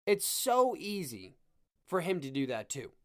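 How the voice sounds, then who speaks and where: A man hosts a casual sports podcast, talking in an animated, rambling way and cracking jokes as he goes. His voice sits a little higher than most men's. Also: unhurried. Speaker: podcast host.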